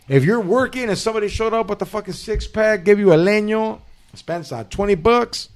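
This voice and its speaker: A man hosting a studio podcast, his pitch sitting a bit high and swinging widely as he tells stories. He talks casually and profanely. He acts out the people he quotes. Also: animated, moderate pace. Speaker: podcast host. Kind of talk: casual storytelling chat.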